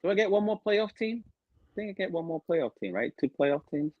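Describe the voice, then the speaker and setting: A teasing male podcast co-host who laughs through a casual sports chat. His voice sits a little high and swings widely in pitch. The sound is dry and close-miked. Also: lively intonation, fairly quick, no room sound, lo-fi sound.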